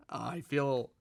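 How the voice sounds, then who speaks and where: A man's voice: medium pitch, vocal fry, no echo, studio quality. Easygoing man chatting over fan mail. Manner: easygoing, self-deprecating, laughs often. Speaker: video creator. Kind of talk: reading fan letters aloud and chatting.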